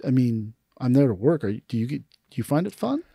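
A man's voice: mid-range voice, fast, vocal fry, husky, no echo, studio quality. A man who teaches aikido, telling stories in a casual podcast conversation and acting out the people he quotes. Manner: storytelling, animated when quoting others.

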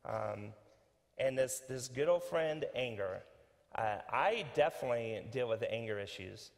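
A pastor giving a conversational, animated sermon with many fillers and restarts. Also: male voice, mid-range voice, a little slow, vocal fry, in a large hall. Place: church sanctuary.

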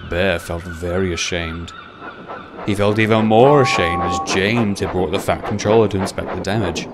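A man narrating a children's-style railway story in a measured storytelling voice. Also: deep voice, steady tone, very noisy. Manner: measured, voices all the characters. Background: background music.

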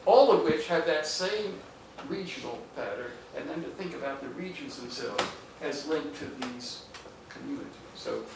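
An older man, a historian, giving a halting public lecture full of fillers and restarts to an audience in a hall. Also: a little high, animated. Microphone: far room microphone. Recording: echoey hall, distant mic, noisy.

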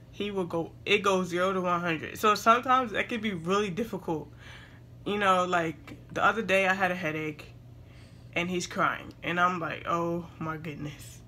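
A woman's voice: on the low side, moderate pace, pushed and bright, a little hiss or hum. A young woman vlogging casually at home, chatting to viewers and breaking off to talk to her baby. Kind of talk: casual chat to camera.

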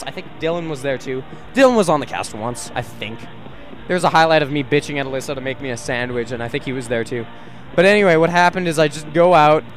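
A man's voice: high voice, a little hiss or hum, poor audio. A young man from Canada telling crude school stories in a rambling, casual way, laughing at himself. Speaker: livestreamer. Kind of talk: casual storytelling chat.

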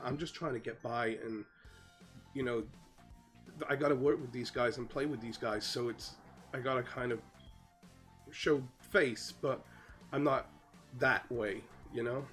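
A man plays an awkward teenage jock boy who hedges every sentence and mumbles in easy slang, sounding apologetic. The voice sits at an ordinary middle pitch, with faint music playing somewhere behind. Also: steady tone, normal speed, pauses often, a bit bright, close to an everyday voice. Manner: mumbly, hedging, laid-back slang.

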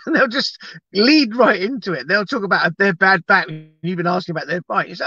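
A man's voice: sits high, brisk, slightly rough, lo-fi sound. A man, talking casually and animatedly as an evangelist, teaching and praying on a livestream with many restarts. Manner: animated, chatty, rambling with restarts.

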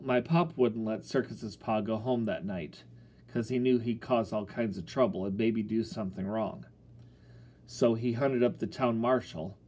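Low-voiced man reading a folksy story. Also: mellow. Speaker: audiobook narrator. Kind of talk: first-person storybook narration.

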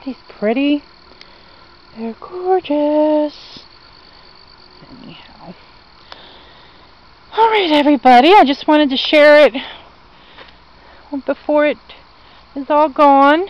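Slow, chatty woman touring her garden. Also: high voice, muffled recording. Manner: chatty, gushing over plants, talks to viewers. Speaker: vlogger giving a garden tour. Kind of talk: casual meandering garden walk-through. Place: outdoor garden.

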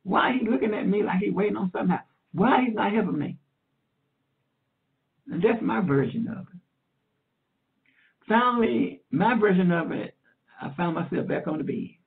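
A woman evangelist teaching a sermon in an earnest, repetitive way, warmly calling her listener "dear heart". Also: medium pitch, expressive, moderate pace, vocal fry, long pauses. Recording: tinny phone line.

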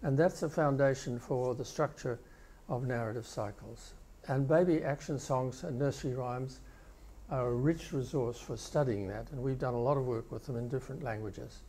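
An older male professor giving a conference keynote, explaining video clips with pauses and restarts. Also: medium pitch, warm tone, a little hiss or hum. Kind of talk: conference lecture.

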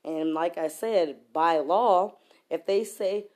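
A woman's voice: on the low side, takes it slowly, darkish tone. Heated, profane woman ranting. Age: adult. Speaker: vlogger. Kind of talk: angry rant to camera.

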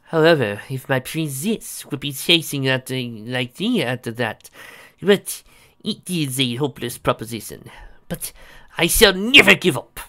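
A man's voice: mid-range voice, animated, measured pace, a bit bright. A man doing a pompous guard captain. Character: pompous young male royal guard captain, lovesick and jumpy.

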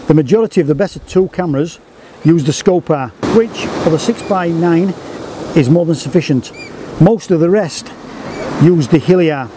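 A man's voice: fairly high pitch, background noise. Chatty man by the sea. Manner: enthusiastic, chatty, reads notes verbatim. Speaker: photography YouTuber. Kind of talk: casual camera review vlog. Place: outdoors by the coast.

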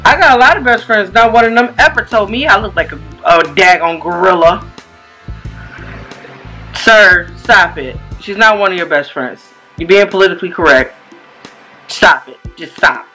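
A woman hosting a casual reaction video, loud and animated, laughing and cursing as she comments. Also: mid-range voice, normal speed, soft background music, low-quality recording.

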